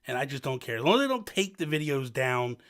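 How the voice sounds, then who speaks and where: A man in his thirties hosting his own channel, chatting casually in a loud, joking, self-mocking way. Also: medium pitch, very animated, quick pace. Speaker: channel host. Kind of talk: casual rambling chat. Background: faint background music.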